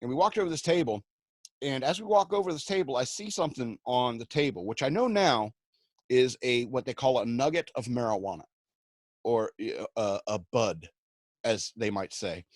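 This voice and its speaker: A man's voice: medium pitch, animated, normal speed, no echo. A man hosting a radio show tells a rambling, self-mocking comic story, slipping into the voices of the people in it. His voice sits in a middle register and is recorded close and dry, with no room sound. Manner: rambling, self-mocking anecdotes with acted-out quotes.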